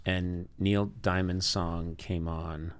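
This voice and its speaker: A middle-aged man telling funny stories in casual chat. He is animated, laughs often, and gets loud when he is excited. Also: sits low, slow. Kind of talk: comic storytelling chat.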